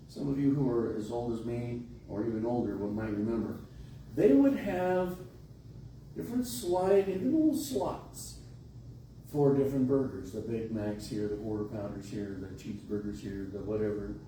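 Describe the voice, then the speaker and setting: A man's voice: a little high, warm tone. A middle-aged man pastor telling a folksy, conversational story during a sermon in a large church. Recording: echoey hall, distant mic, faint hiss.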